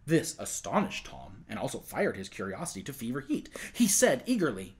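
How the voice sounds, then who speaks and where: A man narrating a classic novel aloud for a children's class, in an expressive, plain reading. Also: mid-range voice, moderate pace, few pauses, slightly rough.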